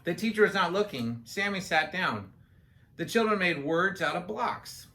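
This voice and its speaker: A woman's voice: lowish voice, animated, moderate pace, fairly bright tone, a little hiss or hum. A woman reading a children's picture book aloud, adding playful, chatty asides to young listeners. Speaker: children's story reader.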